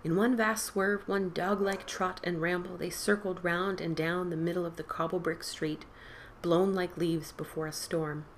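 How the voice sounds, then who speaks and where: A woman podcast host reading a spooky story aloud in an expressive storybook style, dropping to whispers and rising for the characters' cries. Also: on the low side, moderate pace, slight background noise. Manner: dramatic, drops to whispers and lifts for quoted boys' cries.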